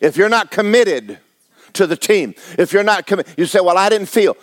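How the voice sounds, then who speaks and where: A man's voice: sits high, expressive, normal speed, no echo. A man preaching a blunt, exhorting sermon, firing rhetorical questions at his congregation. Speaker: pastor.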